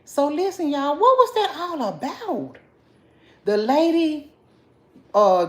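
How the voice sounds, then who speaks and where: Animated chatty woman livestreaming. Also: a little high, a little hiss or hum. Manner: chatty, animated, greets viewers by name. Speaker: livestream host. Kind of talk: casual livestream chat with viewers.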